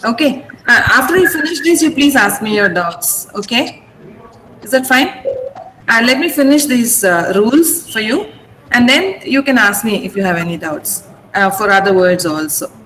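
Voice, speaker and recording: Woman, Indian English accent, online teacher, deliberate drilling delivery, higher voice, roomy echo. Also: lively intonation, fairly bright tone. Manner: slow, deliberate, repeats words for pronunciation drills. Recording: echoey room with faint noise.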